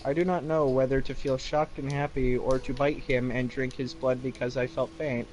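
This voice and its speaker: A man streaming late at night, reading fan fiction aloud slowly in a deadpan, mock-dramatic way and stumbling over names. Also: mid-range voice, low-quality recording.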